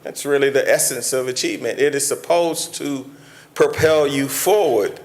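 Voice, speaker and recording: A man's voice: mid-range voice, moderate pace, a little mellow. A man, a mayor giving a preacherly banquet speech from a podium that builds to impassioned peaks. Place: large banquet hall with an audience.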